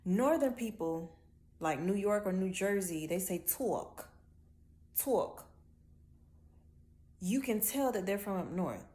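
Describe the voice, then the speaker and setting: A woman from Miami with a Miami accent, ranting bluntly and with lots of swearing in a casual monologue. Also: medium pitch. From Miami, Florida. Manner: blunt, profane, animated storytelling with drawn-out words. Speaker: vlogger.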